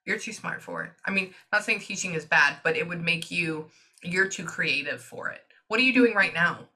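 A woman working as a psychic medium, giving a reading to a client and relaying messages in quick, chatty asides. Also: fairly low pitch, sharp tone.

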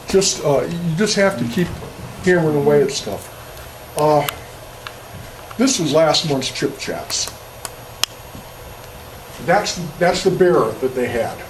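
A man's voice: a little high, darkish tone, slight background noise. A man giving a casual, folksy workshop talk on carving to an audience, rambling a little and telling jokes. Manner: folksy, rambling, tells jokes, restarts words. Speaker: chainsaw carving instructor. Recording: distant mic, faint room ambience.

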